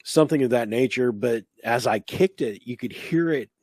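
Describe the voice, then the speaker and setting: A man co-hosting a casual talk show, talking through what he heard in a halting way, searching for words. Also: mid-range voice, a little mellow, no echo. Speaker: radio show co-host. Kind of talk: casual paranormal investigation chat.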